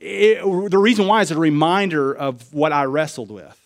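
Guy preaching a sermon, pretty high voice, gets loud and excited then drops way down quiet. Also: normal speed, vocal fry. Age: adult, married with young children. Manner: personal, confessional, swings between loud animated bursts and quiet low asides; acts out dialogue in quoted voices. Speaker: pastor.

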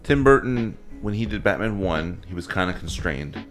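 A man's voice: deep voice, lively intonation, moderate pace, fairly bright tone, faint music behind. A man on a podcast, chatting casually with blunt, crude humor. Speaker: podcast co-host. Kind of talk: casual chat.

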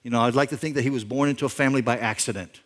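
A middle-aged male pastor giving a sermon, telling a story conversationally, with lines that climb louder and higher for emphasis. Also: steady tone, very fast. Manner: conversational storytelling, imagining a backstory aloud; rises in pitch and volume for emphasis.

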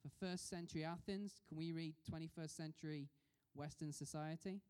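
Male preacher, fairly high voice, chatty sermon with questions to the room, long hall echo. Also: fairly even intonation, moderate pace, a little mellow, clean tone. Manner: conversational, asks the congregation questions.

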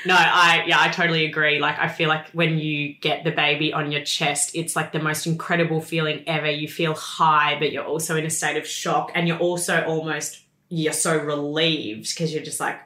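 Low, bright-toned woman host, roomy echo. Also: level tone, moderate pace. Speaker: podcast host. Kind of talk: casual interview.

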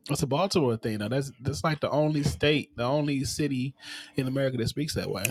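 A man's voice: mid-range voice, brisk, no room sound. A man chatting casually, teasing and prompting his partner and laughing heartily. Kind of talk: casual chat.

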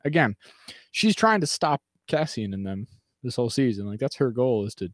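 A man co-hosting a casual podcast, rambling through recaps with fillers and restarts, dropping into quick mimicked lines. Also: lowish voice, lively intonation, no echo, studio quality. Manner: mimics characters in quick acted asides. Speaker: podcast co-host. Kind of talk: casual chat.

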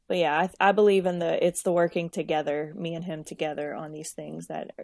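A young woman with a fairly low voice shares a story from her job on a casual podcast. She talks loosely, full of fillers and restarts. The sound is dry and close. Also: gravelly, a little mellow, no echo. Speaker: podcast co-host, social worker.

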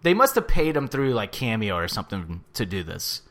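A podcast co-host from the St. Louis area jokes and swears loosely about sports and ads in casual banter. His voice is fairly low and fairly bright, with a sing-song, brisk delivery.

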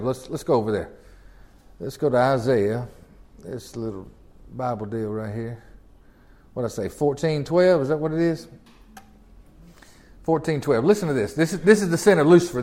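A man leading a conversational Bible study, reading scripture aloud and explaining it, often repeating words and asking rhetorical questions. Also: on the high side. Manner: repeats words and restarts phrases. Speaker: Bible teacher.

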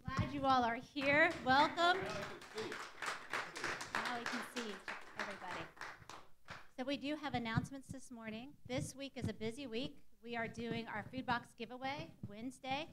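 A woman's voice: a little high, background noise. A woman giving casual, unscripted announcements into a stage microphone in a church, laughing easily. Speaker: church announcer, pastor's wife. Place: church sanctuary.

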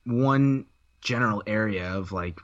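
A man's voice: lowish voice, measured pace. Young man, easygoing, laughs a lot, muffled lo-fi audio. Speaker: guest voice actor. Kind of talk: casual interview chat. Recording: dull lo-fi sound.

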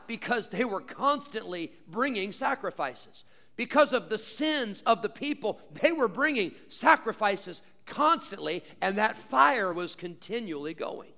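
Animated and creaky, a male pastor preaches, leaning on repeated phrases and rhetorical questions. His delivery moves between loud drawn-out stresses and soft low asides, and the sound carries a long reverb tail.

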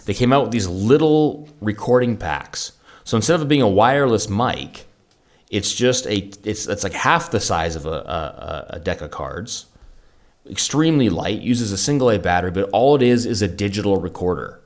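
Deep voiced guy rambling on a podcast about gear, keeps restarting, gets excited. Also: moderate pace. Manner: rambling, restarts often, enthusiastic about gadgets. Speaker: podcast co-host. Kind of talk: casual gear review chat.

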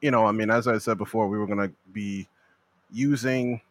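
A man's voice: on the low side, steady tone, moderate pace, no echo. A young man from the United States hosting a casual podcast, bantering and laughing with his friends. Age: young adult. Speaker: podcast host. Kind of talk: casual chat.

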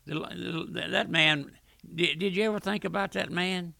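Older male radio preacher, high gravelly voice, bright and dry, folksy and earnest. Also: normal speed, no echo. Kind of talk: radio sermon. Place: radio studio.

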